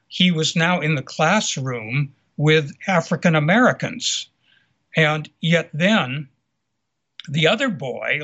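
A man being interviewed as a researcher and author, explaining his findings in a measured, deliberate way. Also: a little high, fairly bright tone, slightly rough. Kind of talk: interview answers. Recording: muffled lo-fi audio.

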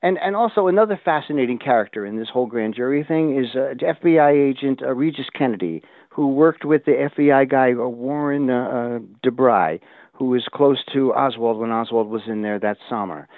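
A man's voice: medium pitch, brisk, no echo. Older man on a tinny phone line. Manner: rambling, restarts often, animated when quoting others. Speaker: guest researcher. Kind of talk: casual interview talk.

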